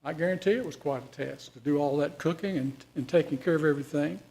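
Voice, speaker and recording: A man teaching an informal Bible study class, his voice pitched a little high for a man. He talks in a folksy, conversational way and keeps putting questions to his listeners. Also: quick pace, vocal fry, a little mellow.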